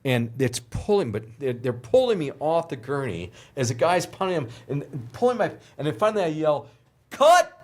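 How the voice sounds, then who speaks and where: An older man, a television producer, telling an animated story in an interview, acting out voices and laughing as he goes. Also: on the high side, moderate pace, few pauses. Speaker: TV producer, podcast guest.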